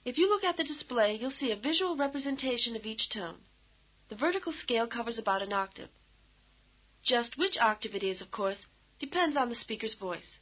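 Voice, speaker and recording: Measured woman narrating an old language tape. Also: on the high side, animated. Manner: measured, explanatory. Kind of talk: scripted instructional narration. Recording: dull lo-fi tape audio.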